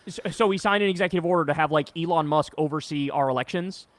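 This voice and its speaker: Man, political commentator, indignant, rapid talk, dry close sound. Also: a little high, no room sound. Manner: emphatic, indignant, profane. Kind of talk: animated political discussion.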